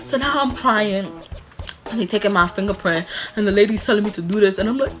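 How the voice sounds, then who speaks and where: A young woman telling a storytime vlog, animated and slangy, full of "like" fillers. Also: medium pitch, brisk, soft background music. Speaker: vlogger.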